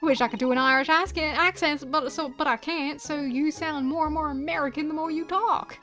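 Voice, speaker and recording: A woman's voice: high-pitched, steady tone, a little fast, bright, forceful tone. Chatty swearing woman streamer. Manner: chatty, swears casually, self-deprecating. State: sore throat. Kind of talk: casual game stream chat. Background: game music.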